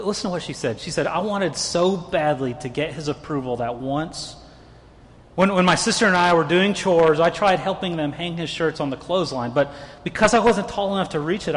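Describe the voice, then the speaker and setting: A male pastor delivers an earnest sermon, his voice pitched high. He often stammers and repeats words as he presses each point. The sound carries a long reverb from a large church sanctuary. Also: a bit bright.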